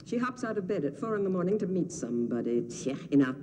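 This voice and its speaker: An actress playing an older nurse in a film drama, scolding and doting by turns with a fretful, sing-song lilt. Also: female voice, fairly low pitch, sing-song, quick pace, in a large hall, background noise. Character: fussy old nurse, scolding yet doting.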